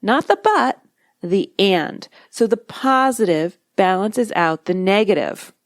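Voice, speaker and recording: Speaking at a medium pitch, calm and measured, a female hypnotist walks through her techniques in a podcast monologue meant to instruct. She delivers important phrases slowly and with intent, recorded dry and close with no room sound.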